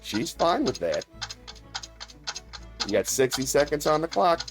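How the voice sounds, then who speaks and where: A man's voice: fairly high pitch, a little slow, over music. A man hosting a casual live-stream chat, talking in a playful, chatty way. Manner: chatty, playful, lively delivery. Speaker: comedian host of a live stream.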